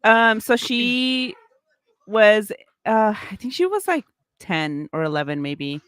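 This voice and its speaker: A woman's voice: a little high, animated, slow, fairly bright tone, clean tone, no room sound, studio quality. A woman telling a family ghost story in casual chat, rambling with lots of fillers. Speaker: paranormal content creator.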